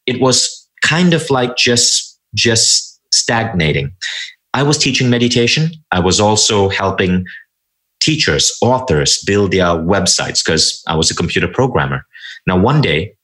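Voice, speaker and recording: Lowish-voiced man telling an emphatic story. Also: a little slow. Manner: animated, emphatic anecdote telling. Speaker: interview guest, entrepreneur. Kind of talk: motivational storytelling.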